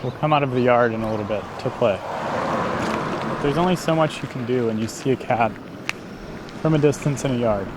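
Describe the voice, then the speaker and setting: A man walking through a neighborhood, chatting casually to the camera and coaxing cats in a high voice. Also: normal speed, pauses often. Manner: rambling, self-deprecating, coaxing cats in a high voice. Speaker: vlogger. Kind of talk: casual walking vlog commentary. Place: outdoors on residential streets. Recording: noisy outdoor street recording. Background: street ambience.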